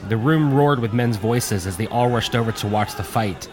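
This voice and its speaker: A man reading a war story aloud in steady audiobook narration. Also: mid-range voice, normal speed, a faint crowd.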